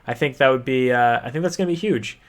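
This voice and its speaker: A man's voice: medium pitch, quick pace. A man in the host's chair of a casual sports talk show, his voice sitting right in the middle of the range. He talks easily and chattily, laughing along and reeling off players one after another. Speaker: podcast host.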